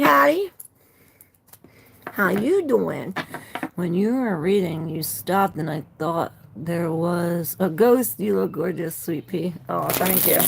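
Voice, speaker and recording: A woman's voice: low voice, gravelly, background noise. A woman doing a casual live tarot reading who talks loosely, swears freely and greets viewers by name. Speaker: tarot reader.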